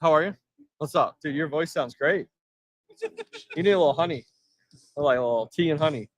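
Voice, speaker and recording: A man whose voice is on the high side hosts an energetic live stream from an event floor. Chatting casually, he reads his chat aloud, answers it and adds quick asides, with no room sound around him.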